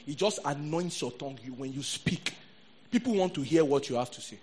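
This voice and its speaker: A Nigerian man preaching a sermon as a pastor, talking in a lively, conversational way with Pidgin asides. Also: a little high, brisk, slight background noise.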